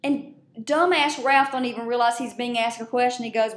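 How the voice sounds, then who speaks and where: A woman casually recapping a show on her vlog, chatty, profane and quick to laugh, recorded on a webcam at her desk. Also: sits high, fairly bright tone. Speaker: vlogger. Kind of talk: casual chat. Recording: roomy echo.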